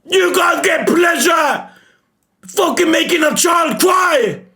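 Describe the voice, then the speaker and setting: Man, live manga reaction, very high voice, slow drawn-out delivery, gravelly edge, shouting and swearing. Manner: emotional, shouting, swears a lot. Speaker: reaction streamer.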